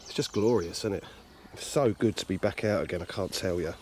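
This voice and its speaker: Out by a lake carp fishing, a man vlogs on a handheld camcorder, chatty and jokey, poking fun at himself in casual outdoor talk. He speaks briskly in a low-pitched, slightly mellow voice, with a little hiss or hum.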